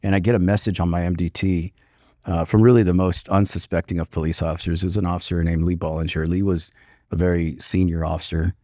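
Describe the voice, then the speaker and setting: A retired police commander in his fifties, appearing as a podcast guest, tells a personal story in an earnest, reflective manner, often pausing with "you know." His voice is deep, low and darkish, with little pitch movement. The recording is close and dry, free of room echo.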